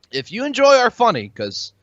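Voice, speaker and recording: A man's voice: high voice, bright, forceful tone, no echo, dull audio. Rambling jokey podcast guy. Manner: jokey, rambling, swears freely. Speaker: podcast co-host. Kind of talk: casual chat.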